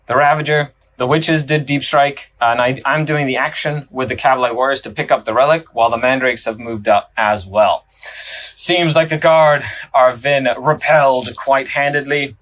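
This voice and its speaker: A man's voice: medium pitch, steady tone, normal speed, fairly bright tone. A man hosting and playing a tabletop battle, chatty, thinking aloud and often laughing as he talks through the moves. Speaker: host and player. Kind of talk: casual tabletop battle commentary.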